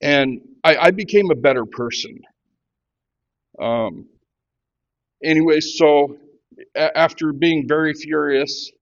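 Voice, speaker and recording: A man in his fifties giving a halting personal testimony, full of restarts, who grows animated as he retells a quarrel. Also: mid-range voice, no room sound, dull audio. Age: 50s. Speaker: workshop participant sharing testimony.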